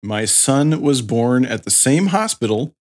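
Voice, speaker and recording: A man in casual podcast chat who rambles through stories with frequent filler pauses. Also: mid-range voice, expressive, darkish tone. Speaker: podcast co-host.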